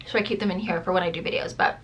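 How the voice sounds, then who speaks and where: A woman's voice: fairly low pitch, fairly even intonation, rapid-fire, fairly bright tone, a little hiss or hum. A woman in her thirties, a mom vlogging in a rambling casual chat, with a dry throat. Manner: chatty, rambling, says "like" and "dude" a lot.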